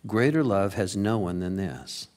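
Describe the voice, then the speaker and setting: A male pastor preaching a sermon, reading scripture slowly and with emphasis, then breaking into lively asides to the congregation. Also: sits low.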